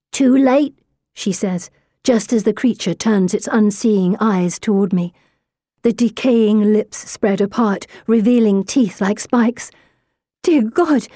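A woman narrating a first-person novel aloud, expressive and dramatic, rising into tense urgency. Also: mid-range voice, no room sound, clean studio sound. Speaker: audiobook narrator.

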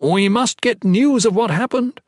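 A man's voice: sits high, a little slow, no echo, clean studio sound, pitched above the performer's own voice. A man voicing a hot-headed male priest who argues in a strained, raised voice. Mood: accusing.

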